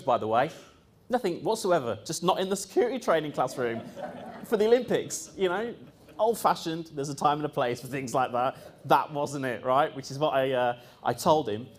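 A man's voice: fairly high pitch, fairly quick. A man telling a long story in a casual, rambling way, full of fillers and acted-out quotes. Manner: rambling, lively, quotes others in voices, frequent fillers. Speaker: speaker recounting experiences.

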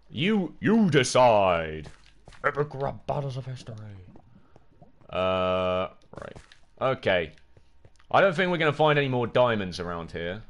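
A young man streaming a video game live, chatting to his viewers and yelping when something startles him. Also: on the low side. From United Kingdom. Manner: excitable, jokey, talks to chat, yelps when startled. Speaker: gaming livestreamer. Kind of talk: casual live gameplay commentary.

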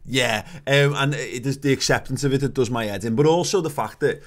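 A man's voice: medium pitch, brisk. A man, co-hosting a podcast in casual chat, ranting and swearing with many restarts. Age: 30s. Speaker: podcast co-host.

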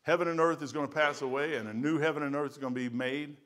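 Fervent pastor, bright forceful voice. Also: male voice, on the high side, fairly even intonation, quick pace. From United States. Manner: swings from quiet musing to loud fervent testimony. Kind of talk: sermon. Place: church sanctuary.

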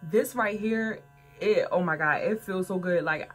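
At a measured pace and in a voice on the low side, a young female vlogger talks frankly to camera about adult toys she's reviewing. She keeps it casual and calls her audience y'all.

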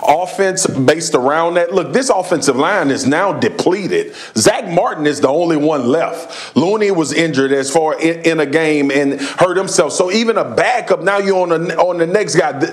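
A man's voice: on the high side, animated, moderate pace, hardly any pauses. A man talking as a studio sports analyst, playfully melodramatic and conversational.

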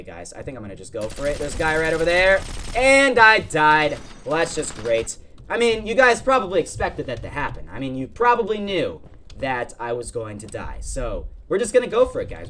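A young man giving excitable gameplay commentary, jumping between muttering to himself and shouting, and often saying "freaking". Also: fairly high pitch, a little hiss or hum. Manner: peppers speech with "freaking". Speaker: gaming channel host.

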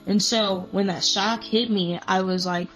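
A woman's voice: mid-range voice, fairly even intonation, unhurried, rough recording. Young woman telling her story, casual. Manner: casual, many fillers, quoting her own thoughts. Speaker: interview guest. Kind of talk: personal story told on camera. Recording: faint music bed underneath.

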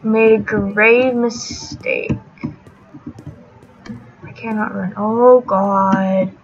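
A woman's voice: mid-range voice, steady tone, extremely slow, muffled recording. A young woman hosting a gaming channel, giving live gameplay commentary, often frustrated, swearing, and laughing at herself.

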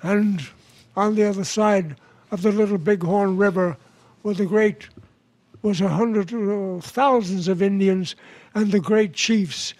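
Old guy telling jokes on a podcast, really high voice, slow and chuckly. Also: steady tone, a little mellow. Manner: chuckling storyteller, unhurried. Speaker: guest.

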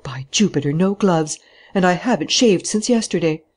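A reader voicing a supremely confident adult gentleman thief in an audiobook, mocking and ceremonious. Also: medium pitch, animated, normal speed, natural voice. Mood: jaunty mocking. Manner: mocking, ceremonious, grandly polite. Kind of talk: audiobook character voice.

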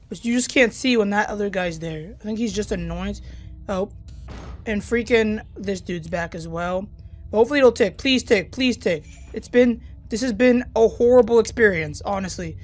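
A woman's voice: medium pitch, darkish tone. A young woman giving dramatic, panicky commentary while playing a horror game and talking to her viewers. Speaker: gaming YouTuber.

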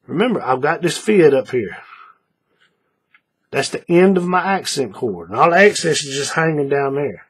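A man's voice: fairly high pitch, lively intonation, normal speed, husky. A man teaching a paracord bracelet step by step in a folksy tutorial, repeating each move and checking in with viewers. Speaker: paracord craft instructor. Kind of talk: hands-on tutorial narration.

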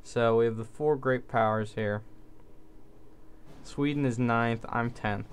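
A man's voice: mid-range voice, fairly even intonation, slow pace, smooth. A man giving casual gameplay commentary, thinking aloud in an offhand way and swearing now and then. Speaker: let's play host.

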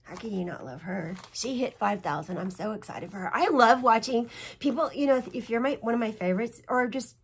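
A woman's voice: on the high side, a little fast, slightly rough. A middle-aged woman vlogging casually from home about cross-stitch, rambling and chatty, restarting and correcting herself often. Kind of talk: casual chat.

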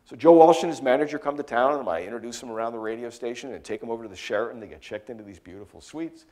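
A middle-aged American man giving a talk, telling lively anecdotes in a chatty way with plenty of fillers. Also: medium pitch, very fast.

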